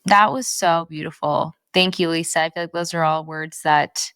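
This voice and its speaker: A woman's voice: deep voice, fairly even intonation, moderate pace, fairly bright tone, clear, resonant tone, dry recording, clean studio sound. A woman in her twenties hosting a podcast in casual chat, chatty and full of "like". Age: 20s. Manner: chatty, filler-heavy with frequent "like". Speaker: podcast host.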